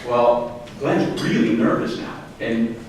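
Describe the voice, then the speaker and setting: A man telling a roast story to a live audience, with a halting delivery full of fillers and restarts. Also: medium pitch, lively intonation, darkish tone. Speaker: roast speaker. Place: large hall with live audience. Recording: distant echoey hall recording with noise.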